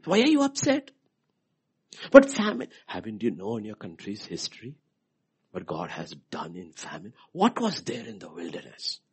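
A man preaching a sermon in a dramatic way, swinging from loud outbursts to hushed whispers. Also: fairly low pitch, wildly swooping pitch, moderate pace, slightly rough.

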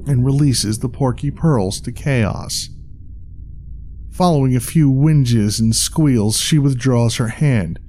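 A man narrating a dark tale in a measured, dramatic scripted reading. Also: mid-range voice.

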